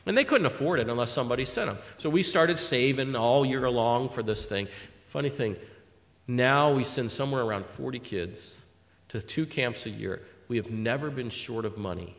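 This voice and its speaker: A man preaching a sermon in an animated way, swinging from loud emphasis to quiet asides. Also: mid-range voice, normal speed. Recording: long hall reverb.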